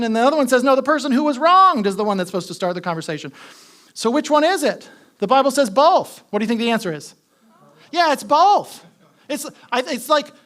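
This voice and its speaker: A man's voice: very high-pitched, a bit bright. Man, pastor, sermon, chatty delivery, asks questions, repeats points.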